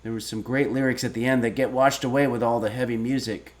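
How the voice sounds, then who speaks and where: Fifty-something guy hosting a cooking stream, reads chat out loud, deadpan rambly answers. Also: medium pitch, quick pace. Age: 50s. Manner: reads viewer messages aloud and answers with deadpan rambling stories. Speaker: streaming cooking show host. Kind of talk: casual livestream chat.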